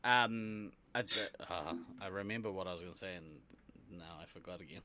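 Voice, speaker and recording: A man's voice: deep voice, normal speed, background noise. A man co-hosting a podcast in casual chat, joking and laughing often. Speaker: podcast co-host.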